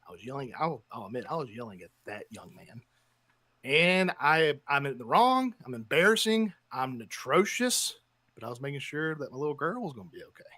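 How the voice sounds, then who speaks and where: A man co-hosting a sports podcast, telling a self-deprecating story in a lively, casual way. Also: medium pitch, fairly quick, no echo. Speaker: podcast co-host. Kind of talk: casual chat.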